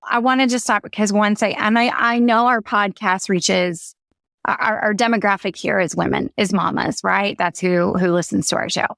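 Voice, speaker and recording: A woman's voice: medium pitch, normal speed, creaky, dry recording. Chatty woman podcast host. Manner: chatty and animated, tells stories with quoted voices. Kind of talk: casual podcast conversation.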